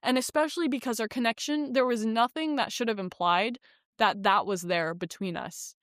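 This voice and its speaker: A woman's voice: on the high side, moderate pace, no echo, clean studio sound. A woman vlogger telling a story in a casual, frank, exasperated way, full of "like" and swearing. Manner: frank, exasperated retelling, heavy use of "like" and swearing.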